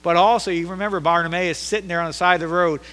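A male pastor preaching a sermon, emphatic and repetitive, swinging between loud declarations and hushed lines in a church sanctuary. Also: sits high, steady tone, fast. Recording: long hall reverb.

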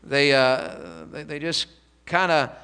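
Preacher with a high, bright voice. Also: male voice, fairly even intonation, smooth, in a large hall. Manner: swings from hushed, slow pleading to loud, high-pitched exhortation. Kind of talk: revival sermon. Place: church sanctuary.

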